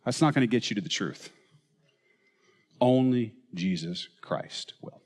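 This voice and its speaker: A man's voice: mid-range voice, a little slow, a little mellow, big-room sound. A man preaching a sermon, asking rhetorical questions and reading quotations aloud with rising emphasis. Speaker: pastor. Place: church auditorium.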